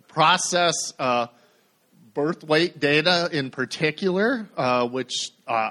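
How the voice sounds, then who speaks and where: Halting, filler-heavy male presenter. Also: on the high side, a bit bright. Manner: halting, many fillers, dry humor. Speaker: conference speaker. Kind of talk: technical presentation.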